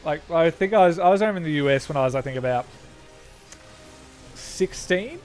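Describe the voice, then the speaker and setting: A man's voice: on the high side, animated, fairly quick, a little mellow, soft background music. A young Australian man chatting casually with viewers while streaming a game, rambling and correcting himself as he goes. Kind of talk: casual gaming chat.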